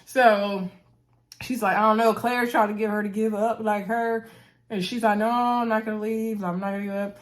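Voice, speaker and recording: A woman casually recapping a reality TV episode, chatty and animated, acting out what the cast said and calling out to her viewers. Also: medium pitch, moderate pace. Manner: chatty, animated, acts out quotes of cast members; uses "y'all" and "girl".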